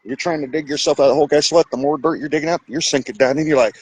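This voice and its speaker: A man hosting a podcast, lecturing about relationships in a blunt, casual way with some swearing, switching between fast bursts and slow, drawn-out emphasis. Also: fairly high pitch, husky, rough recording. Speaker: podcast host. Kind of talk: relationship advice monologue.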